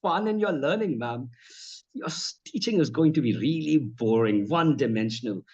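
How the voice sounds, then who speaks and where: A man, a spoken trainer answering interview questions in an expressive way. He laughs often and keeps saying ma'am. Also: a little high, moderate pace, slightly rough, highs cut off.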